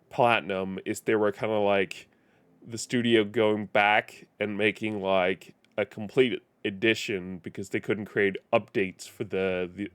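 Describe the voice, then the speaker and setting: A man's voice: on the low side, clear, resonant tone, no echo. A man streaming live, chatting casually and rambling, often correcting himself and chuckling. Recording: faint music behind.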